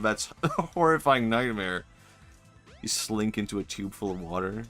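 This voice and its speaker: A young man streams a video game, rambling, joking, often swearing and laughing at his own bits in casual gameplay commentary. His voice is fairly low and fairly bright, moving at a moderate pace, with soft music in the background.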